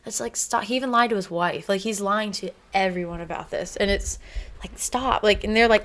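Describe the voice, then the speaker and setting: Chatty giggly woman gushing over a show, lotsa likes, mid pitch. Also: a little fast, fairly bright tone. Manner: gushing, giggly, filler-heavy. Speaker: episode reviewer. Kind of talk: casual chat.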